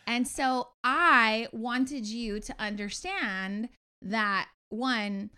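Animated, sarcastic woman telling a story. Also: fairly high pitch, drawn-out words, smooth. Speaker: podcast co-host. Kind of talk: casual chat.

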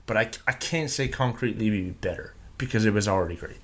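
A man co-hosting a podcast in casual chat, relaxed and hedging his opinions with "like" and "I feel". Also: fairly low pitch, fast talker. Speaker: podcast co-host.

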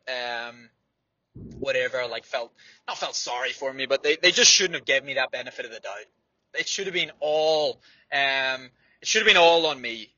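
A man's voice: mid-range voice, bright, forceful tone, no echo, muffled recording. A man, a distance runner, giving blunt, fired-up training advice with frequent swearing in a motivational monologue.

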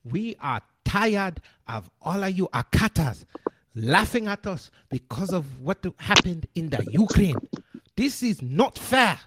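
A shrill, high, drawn-out comic broadcaster voice that begs and scolds in a mock-official tone, as a podcast host puts it on. The delivery is slow and exaggerated, far above a normal speaking pitch. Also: male voice, very animated, a bit bright, slightly rough, dry recording, exaggerated voice. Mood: mock pleading. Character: mock caricature of a pleading foreign male broadcaster. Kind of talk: comic freestyle impression.

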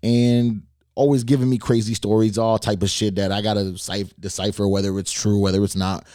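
A man's voice: fairly low pitch, flat delivery, a little fast, mellow, no echo, studio quality. A man hosting a podcast, telling a story in a laid-back, wry way and swearing casually. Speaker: podcast host.

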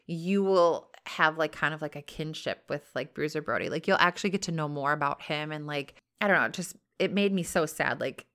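A woman with a low voice tells a true story to a friend in relaxed podcast chat. She leans on "like" as a filler and acts out what people said. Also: fairly quick, hardly any pauses, clear, resonant tone. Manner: chatty, many "like" fillers, acts out quotes. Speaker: podcast host.

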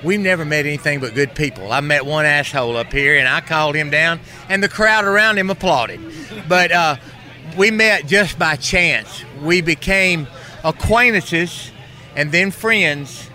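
A man telling a story in casual chat, measured and reflective. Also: on the high side, pushed and bright. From US South.

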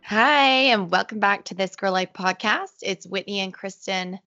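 A woman co-hosting a podcast in casual, excitable chat, her voice a little hoarse from illness, laughing often. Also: medium pitch, moderate pace, muffled recording, faint music behind. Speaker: podcast co-host.

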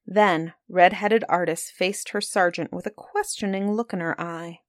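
A woman's voice: fairly low pitch, measured pace, dry recording, clean studio sound. Woman reading a fairy tale aloud. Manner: expressive read-aloud, voicing characters. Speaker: storyteller. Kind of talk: storybook reading.

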